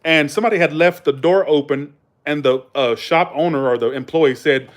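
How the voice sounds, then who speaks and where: On a live stream, a man from the American South rambles through stories in his Southern accent, cursing liberally. He speaks at normal speed with a fairly high pitch.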